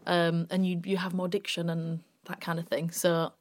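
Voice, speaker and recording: A young woman from Bradford speaks with a broad West Yorkshire accent, her voice sitting a little low for a woman. She chats freely as an interview guest, winding through long, rambling anecdotes about her radio work. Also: flat delivery, moderate pace. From Bradford, West Yorkshire, England. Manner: chatty, long-winded storytelling. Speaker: radio presenter, podcast guest. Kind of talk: casual interview chat.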